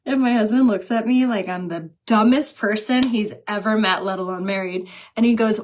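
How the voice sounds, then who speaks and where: A chatty woman in her thirties talks straight to her viewers while she does her makeup. She tells self-mocking stories, laughs at her own mix-ups and speaks in a casual, everyday way. Her pitch sits in the middle for a woman. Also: fairly even intonation, a little fast, few pauses. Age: 30s. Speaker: beauty vlogger.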